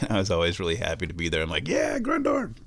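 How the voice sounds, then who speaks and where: A man's voice: deep voice, fast talker. A middle-aged man telling rambling personal stories in a chatty, self-mocking way, laughing at his own jokes.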